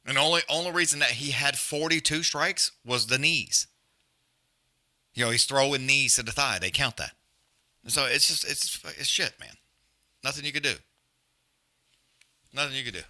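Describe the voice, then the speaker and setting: A man's voice: medium pitch, normal speed, long pauses, sharp tone. A man hosting a live fight watch-along, trash-talking fighters in blunt, profane casual chat. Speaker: live stream host.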